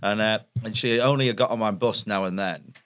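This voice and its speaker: A man's voice: lowish voice, moderate pace, a bit bright. A man telling comic stories, laughing and acting out the scenes as he goes. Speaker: comedian guest. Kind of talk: comic storytelling.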